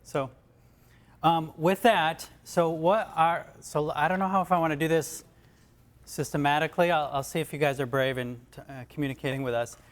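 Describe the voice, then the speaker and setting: A man's voice: fairly high pitch, fairly even intonation, moderate pace. A man co-hosting a real estate workshop, casually prompting the audience for answers. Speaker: workshop co-host. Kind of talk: leading audience discussion.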